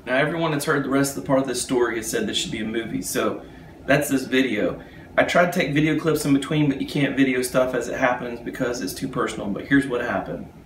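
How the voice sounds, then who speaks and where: A man telling a personal anecdote in a casual, animated way, acting out the people in it. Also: mid-range voice, fast talker, a little hiss or hum. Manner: animated, acts out the people in his story. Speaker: storyteller. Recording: roomy echo.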